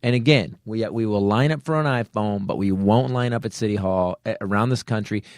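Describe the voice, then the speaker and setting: A man hosting a comedy podcast, ranting in an animated, rambling way with many restarts. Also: fairly low pitch, fairly quick, dry recording, clean studio sound. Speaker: podcast host. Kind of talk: comedic political rant. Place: studio.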